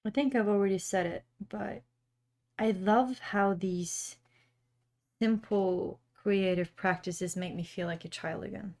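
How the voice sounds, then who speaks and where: A young woman hosting a cozy painting livestream, chatting gently, reading comments aloud and laughing often. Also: medium pitch, unhurried. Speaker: art stream host. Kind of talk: casual livestream chat while painting.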